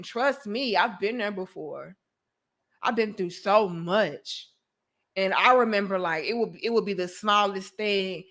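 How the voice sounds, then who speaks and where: A woman's voice: mid-range voice, fairly bright tone. A young woman hosting a casual commentary vlog, talking bluntly and with plenty of profanity as she tells stories and preaches advice. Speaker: host.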